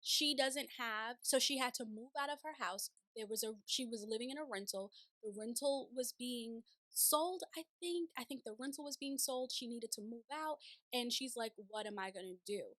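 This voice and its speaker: A woman's voice: on the high side, moderate pace, no room sound. Chatty woman recapping a TV show. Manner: chatty, animated, paraphrases in playful voices. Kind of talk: casual recap commentary. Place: city home, sirens outside.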